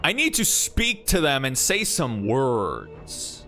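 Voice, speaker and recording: A man streaming a game, reacting in a playful, animated, jokey way. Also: mid-range voice, slow, faint music behind. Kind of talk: casual game commentary.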